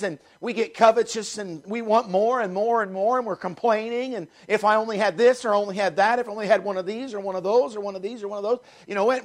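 A pastor with a voice that sits high preaches a sermon emphatically, repeating key phrases and slowing down to stress scripture.

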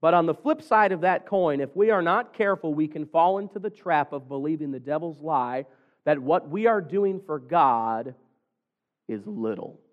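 A man's voice: fairly high pitch, normal speed, highs cut off. A man preaching an earnest evening sermon to his church, with raised, pleading stretches. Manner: earnest, building to raised pleas.

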